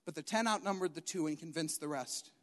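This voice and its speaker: High-voiced young preacher in a reverberant hall. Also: male voice, a little fast. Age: young adult. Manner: animated, emphatic, repeats key lines. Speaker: youth preacher. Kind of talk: sermon.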